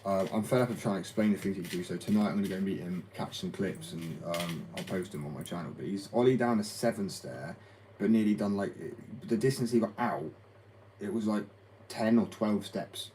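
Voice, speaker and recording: Low-voiced man rambling casually. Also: a little fast, mellow, slight background noise, poor audio. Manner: rambling, frequent "like" fillers, blunt and swearing. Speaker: skateboard company owner and hobby tattoo artist. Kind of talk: casual interview chat.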